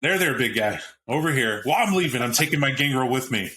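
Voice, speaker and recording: A man's voice: mid-range voice, animated, fairly quick, pushed and bright. A man on a podcast panel, talking animatedly about a tabletop game with frequent restarts and asides. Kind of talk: casual roundtable chat about a tabletop game.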